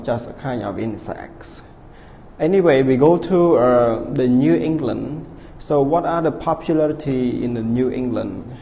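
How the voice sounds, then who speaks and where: Gravelly male teacher in an echoing room. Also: medium pitch, mellow. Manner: spells words letter by letter, keeps checking with the class; calls himself teacher, repeats words slowly. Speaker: English teacher. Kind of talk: online class lesson. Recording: reverberant room with faint background hiss.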